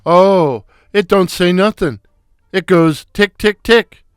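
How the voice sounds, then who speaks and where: A man voicing a brash, wisecracking middle-aged comedian with a loud foghorn voice, firing off punchy gags in a comic story reading. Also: high voice, slow, clean tone, dry recording, studio quality, faint music behind.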